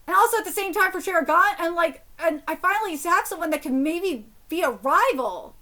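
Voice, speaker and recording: A woman streaming a live reaction to a manga, reading panels aloud and yelling at dramatic moments. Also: extremely high pitch, a little fast. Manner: excitable, yells at dramatic panels.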